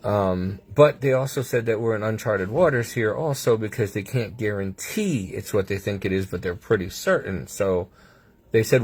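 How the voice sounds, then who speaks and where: A man with a somewhat low voice rambles casually from a hospital room. He speaks haltingly, restarts sentences and breaks into nervous laughs. It sounds like a phone recording. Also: a little mellow. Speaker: patient sharing his health ordeal. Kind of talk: casual vlog monologue.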